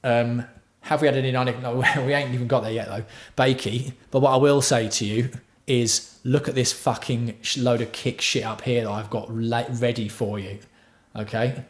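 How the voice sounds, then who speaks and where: A man's voice: medium pitch, fairly even intonation, normal speed. A man hosting a casual livestream tutorial on music production. He chats with his viewers and swears freely. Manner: chatty, swears freely, answers viewer chat.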